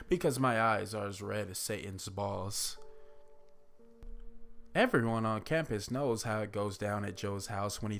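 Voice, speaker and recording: A man reads a first-person scary story in a loose, conversational way, salting it with profanity. His voice sits low with a gravelly texture. Quiet music runs faintly behind him. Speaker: horror story narrator.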